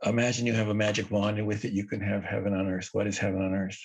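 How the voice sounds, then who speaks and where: A man's voice: on the low side, completely flat delivery, fast, a little hiss or hum. A man guest in an interview, talking in an earnest, reflective way and repeating words for emphasis. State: emotional. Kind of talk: casual conversation. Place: at home, by a lawn near the ocean.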